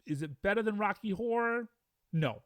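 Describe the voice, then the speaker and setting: A man rambles cheerfully through a ranked list of films, asking himself aloud which title beats which. His voice sits a bit high and swings widely in pitch. The sound is close and dry, with no room around it. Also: animated, normal speed, a bit bright, dry recording. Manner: chatty, enthusiastic, debates rankings aloud with himself. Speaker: film reviewer. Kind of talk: casual film-ranking monologue.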